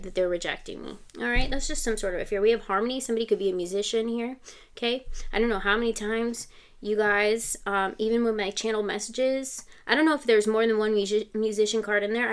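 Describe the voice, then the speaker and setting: A tarot reader with a mid-range, somewhat bright voice gives a casual reading to camera. Chatty and reassuring, she often checks in with "okay?", quoting song lyrics and singing snatches of them.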